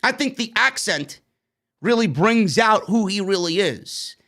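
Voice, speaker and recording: This New York host's voice is high, animated and bright, pushed a little and paced somewhat slowly. Running a relaxed live-stream wrestling review, he walks through the events before offering frank, talkative opinions.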